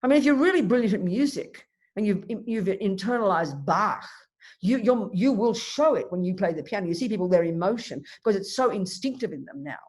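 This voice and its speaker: A woman, a Buddhist nun, teaching a dharma talk in an emphatic, animated way with vivid everyday examples. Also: medium pitch, a little fast, breathy edge. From Australia.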